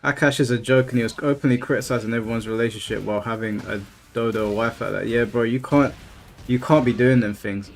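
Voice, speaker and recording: A man's voice: medium pitch, steady tone, quick pace, gravelly. A young man, chatting casually and ranting with plenty of swearing on his live stream, exasperated.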